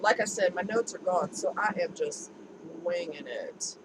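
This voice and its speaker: Her voice is on the low side and unhurried as she vlogs casually to camera, laughing easily and speaking frankly about what she's been through. The camera mic picks up noticeable background noise in this home video.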